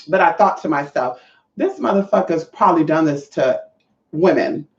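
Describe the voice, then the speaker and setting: A woman's voice: low-pitched, animated, normal speed. A trans woman vlogger telling a story to her viewers in a sassy, profane way, calling them honey and y'all. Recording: echoey, distant, dull sound.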